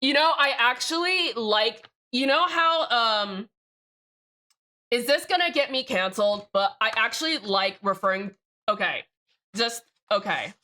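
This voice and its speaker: A woman's voice: fairly high pitch, animated, measured pace, pushed and bright. A woman live streamer chatting casually with her chat, joking and swearing, with rambling restarts. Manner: profane, joking, reads out chat names.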